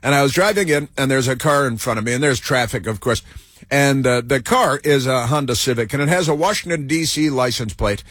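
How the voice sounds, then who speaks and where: Talk radio guy, husky, dry studio sound, sarcastic rambling story. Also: mid-range voice, a little fast, dry recording. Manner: sarcastic storytelling, deadpan asides. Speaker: radio talk show host. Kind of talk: casual talk radio monologue.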